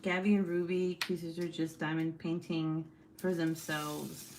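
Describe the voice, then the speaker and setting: A young woman hosting a casual livestream, reading chat and teasing her sister with loud, swearing jokes and frequent laughs. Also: low voice, little pitch movement, a little slow, noisy background. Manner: loud, joking, swears a lot, laughs often.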